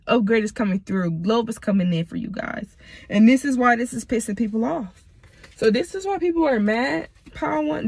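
A woman's voice: fairly high pitch, breathy edge. A woman in her twenties from Michigan, doing a casual tarot reading, blunt and profane, talking to viewers as y'all while she is sick. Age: 20s. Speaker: tarot reader.

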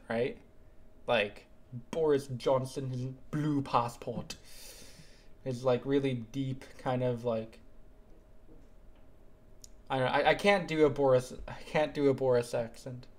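A young man streaming live gameplay and chatting with viewers, excitable and suddenly louder when something happens. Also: medium pitch.

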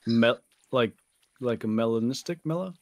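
A man's voice: medium pitch, normal speed, no room sound. An American man co-streaming a game, chatting and teasing with dry jokes. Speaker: guest streamer. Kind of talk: casual gaming stream chat.

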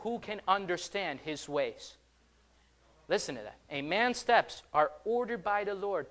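High-voiced young man preaching fervently. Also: lively intonation, unhurried. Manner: fervent preaching, rises loud on calls and drops soft. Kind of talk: sermon.

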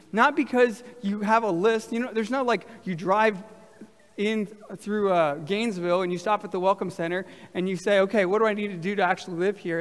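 Man, pastor, sermon, lively, engages the crowd, echoing church hall. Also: high voice. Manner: lively, talks with the congregation.

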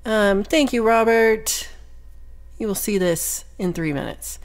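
A woman's voice: mid-range voice, takes it slowly. A young woman chatting casually with her livestream viewers, reading their comments aloud in a rambling, playful way with lots of ums and little laughs.

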